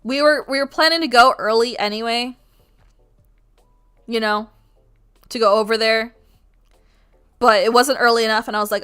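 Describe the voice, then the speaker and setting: A woman streamer launches into an animated, swear-laden rant for her chat. Her voice is bright and forceful and sits a little high, and she can project it loudly whenever she chooses. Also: normal speed, long pauses, clean tone. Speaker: art streamer. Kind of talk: casual storytelling rant.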